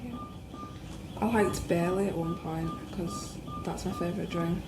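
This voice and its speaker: A woman's voice: lowish voice, wildly swooping pitch, measured pace. An 18-year-old woman, an expectant mother, talking in a chatty, giggly way in documentary interviews and on a labour ward. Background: background music.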